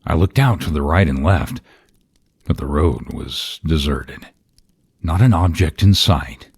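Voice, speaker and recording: Brief: deep-voiced male storyteller, whispery and husky, reading a spooky tale. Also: lively intonation. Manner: slow, hushed, partly whispered. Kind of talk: hushed horror story narration.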